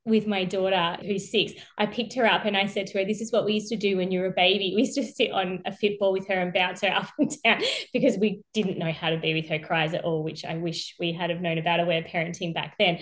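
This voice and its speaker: A woman, a nurse who is a guest on a podcast, telling stories in a lively way, laughing often and acting out quotes. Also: medium pitch, brisk. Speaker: perinatal mental health nurse, guest. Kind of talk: casual conversation.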